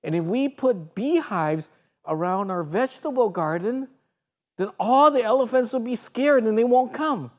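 A woman's voice: fairly high pitch, animated, normal speed, a little mellow, close to an everyday voice. A woman voicing an earnest ten-year-old village boy in a children's story, sincere and pleading.

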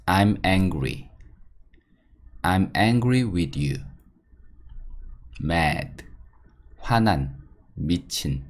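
Slow, deep-voiced male English teacher. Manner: slow, measured reading of words and example sentences. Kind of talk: vocabulary drill lesson.

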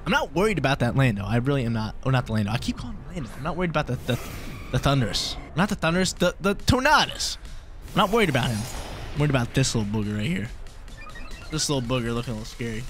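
An excitable man talks through his own video game battle with a mid-range voice that leaps up into sharp yelps and laughs. His commentary is casual and slangy. Faint game music plays underneath. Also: mid-range voice, fast talker. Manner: excitable, slangy, jumps to loud yelps at bad luck. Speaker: gaming YouTuber.

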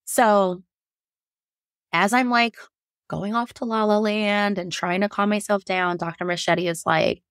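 A young woman, a nurse and podcast guest, candidly telling a personal story in a lively way, acting out what people said and laughing often. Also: medium pitch, measured pace, clear, resonant tone, no echo, studio quality. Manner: lively, quotes herself, frequent laughs.

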